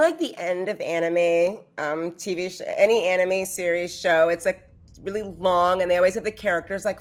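Woman, tabletop player, rambling animated narrator, filler-heavy. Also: medium pitch. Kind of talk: casual game narration.

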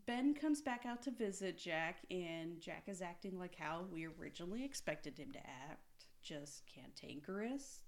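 A woman's voice: lowish voice, lively intonation. A woman in her thirties, married with kids, recapping episodes in a casual, sarcastic chat full of swearing. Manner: sarcastic, swears freely, quick asides. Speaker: podcast co-host.

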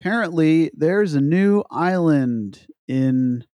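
A man co-hosting a casual comedy podcast, with a mellow, slightly higher voice. He halts over fillers and restarts, then lands dry deadpan jokes. The sound is close and dry. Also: no echo. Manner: halting, hesitant delivery with many fillers, deadpan jokes. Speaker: podcast co-host.

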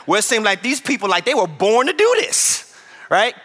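A man from Chicago preaches with a high, bright, ringing voice, and tells his stories with lots of animation. The sound carries the long reverb of a large church hall. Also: moderate pace. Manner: animated storytelling, acts out voices. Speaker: pastor. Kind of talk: sermon.

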